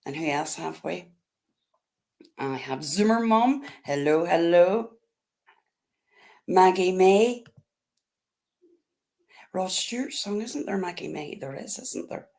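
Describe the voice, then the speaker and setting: A woman with a Northern Irish accent hosts a casual livestream, greeting her viewers one by one in an easy, chatty way. She takes her time, talking at an unhurried pace. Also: fairly low pitch, lively intonation, gravelly, a little mellow. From Northern Ireland. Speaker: livestream host.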